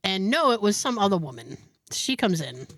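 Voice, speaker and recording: A woman podcast host telling a story in casual chat, animated, profane and self-mocking. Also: medium pitch, normal speed, no echo, studio quality.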